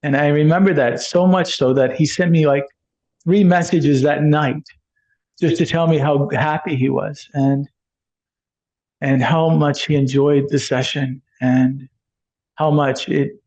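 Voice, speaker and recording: A man's voice: fairly high pitch, fairly even intonation, unhurried, darkish tone. A man telling a personal healing story in a rambling, enthusiastic way, acting out bits of dialogue. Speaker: energy healer telling his story. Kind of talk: casual storytelling monologue. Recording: dull lo-fi sound.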